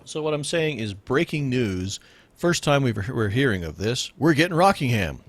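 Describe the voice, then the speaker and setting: Male host, casual podcast banter, laughs a lot, wildly swinging pitch, dry close mic. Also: big pitch swings, normal speed, dry recording. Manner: jokey, laughs often, rambling asides. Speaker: radio show host. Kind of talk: casual comedic podcast chat.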